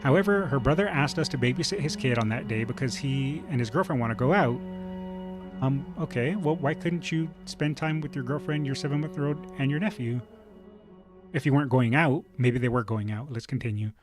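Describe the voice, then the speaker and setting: A man's voice: medium pitch, fairly quick, over music. A man streaming, reading online posts aloud and reacting with opinionated, rambling commentary full of fillers and restarts.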